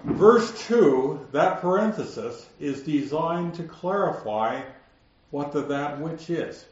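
A man teaching the Bible verse by verse, explaining the text and slowing down to stress key words. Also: fairly high pitch, lively intonation. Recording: roomy, slightly dull recording.

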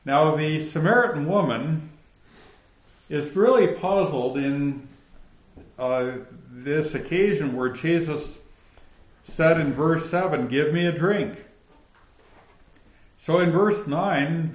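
A man with a northern Minnesota accent teaches scripture at an unhurried, deliberate pace. His speech is flat, and even his questions land like statements. The room is roomy and the sound slightly dull. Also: on the high side. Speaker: Bible teacher. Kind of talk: relaxed Bible teaching.

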